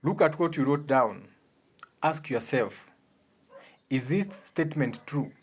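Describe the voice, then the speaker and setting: A man with a Kenyan accent gives a casual motivational talk offering advice on emotions, explaining earnestly and repeating key points for emphasis. His voice is fairly high and husky, with lively intonation and a slow pace.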